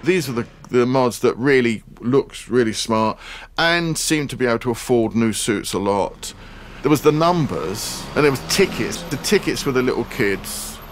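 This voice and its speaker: A man explaining a bit of history in an animated, explanatory way. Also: medium pitch, normal speed, a little hiss or hum. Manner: explanatory, lively. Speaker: interviewee.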